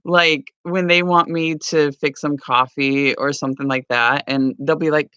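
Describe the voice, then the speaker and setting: A woman's voice: sits low, steady tone, moderate pace, fairly bright tone, clear, resonant tone, no echo. A woman rambling casually at home for her morning vlog, with lots of "like" and "you know.". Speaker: vlogger. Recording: dull lo-fi sound.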